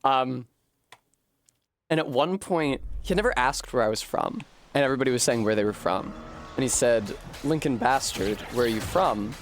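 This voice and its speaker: A young adult man from Rhode Island who rambles as he streams a game, swearing freely and laughing often. His voice sits at a middling pitch. Clear game music plays behind him. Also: normal speed. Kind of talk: casual chat while gaming.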